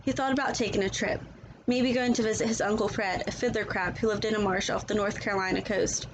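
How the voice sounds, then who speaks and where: Woman storyteller, gentle children's read-aloud, mid pitch. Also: steady tone, quick pace, noisy background.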